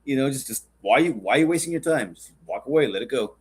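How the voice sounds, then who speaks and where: A man's voice: medium pitch, lively intonation, fast, darkish tone, husky. Rambling, profane podcast host, a man. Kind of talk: casual podcast chat.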